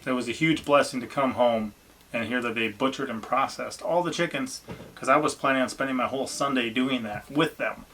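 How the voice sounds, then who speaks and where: A man's voice: mid-range voice, brisk, sharp tone, a little hiss or hum. A man, a family vlogger chatting casually and encouragingly about his children. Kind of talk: casual chat.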